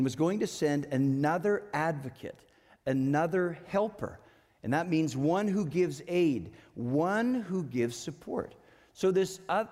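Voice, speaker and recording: A male pastor delivers a sermon in a church sanctuary, talking to the congregation in a lively, conversational way and slipping in playful asides. His pitch rises and falls widely, and his voice rings with the long reverb of a large hall.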